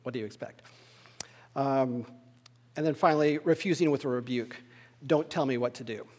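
A man teaching a Bible study lesson, explaining word meanings in a measured, thoughtful way. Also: mid-range voice, a little mellow, big-room sound.

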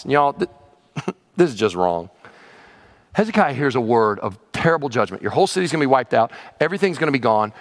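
Animated man preaching in a reverberant hall. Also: a little high. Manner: conversational preaching with bursts of exclamation. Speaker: pastor. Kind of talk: sermon.

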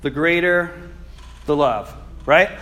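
A man preaching a sermon, earnest and reflective, moving from soft musing to emphatic passages and reading scripture slowly. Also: on the high side. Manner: reads scripture slowly and deliberately.

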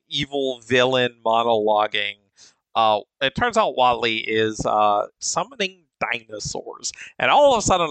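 A man co-hosting a podcast, retelling a story in an unhurried, animated way with fillers. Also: mid-range voice, smooth, no echo, rough recording. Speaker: podcast co-host. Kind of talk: casual chat recapping stories.

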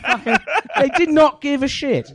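A man telling a sweary, animated anecdote in a casual podcast chat. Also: extremely high pitch, normal speed.

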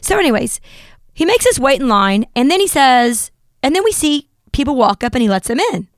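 Lady in her 40s, kinda high voice, animated podcast storytelling, dry close mic. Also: brisk, dry recording. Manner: animated, mimics voices in anecdotes. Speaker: podcast host. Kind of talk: casual storytelling chat.

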